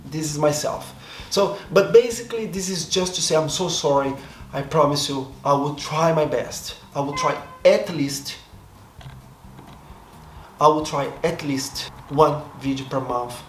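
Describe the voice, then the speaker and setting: A man from Brazil with a Brazilian accent, a Portuguese native speaker, talking to his camera in a reflective, hesitant way, often stopping to restart and rethink his words. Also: a little high. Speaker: vlogger. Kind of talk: casual monologue to camera. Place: seated in front of a camera. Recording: echoey room, faint background noise.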